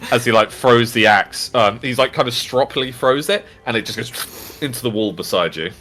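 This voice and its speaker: A man's voice: medium pitch, moderate pace, pushed and bright. A man narrating as game master, rambling and full of fillers.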